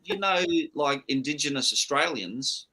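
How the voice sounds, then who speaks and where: Man, bright tense voice, casual chat, rambling and enthusiastic. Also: medium pitch, lively intonation, a little slow, low-quality recording. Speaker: stream host.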